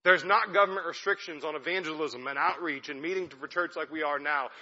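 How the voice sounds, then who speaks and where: A man's voice: on the high side, brisk, sharp tone. A young man, a missionary, giving a chatty, self-deprecating talk to a church congregation. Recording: echoey hall, dull lo-fi sound.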